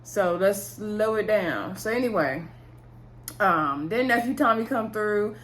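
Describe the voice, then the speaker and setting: A woman's voice: medium pitch, animated, unhurried, fairly bright tone. A young adult woman recapping a reality show in a casual, gossipy way, laughing and acting out what people said. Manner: gossipy, laughs and acts out quotes.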